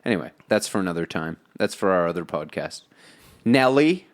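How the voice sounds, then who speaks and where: A man's voice: low-pitched, lively intonation, brisk. A man co-hosting a podcast in casual chat, rambling and laughing, often slipping into movie lines. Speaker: podcast co-host. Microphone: remote call.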